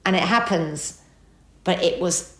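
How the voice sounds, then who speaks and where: A woman's voice: on the low side, slow pace. A woman, a guest telling a personal story in conversation and acting out the lines people said to her. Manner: expressive, acts out remembered dialogue. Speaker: interview guest. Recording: roomy echo.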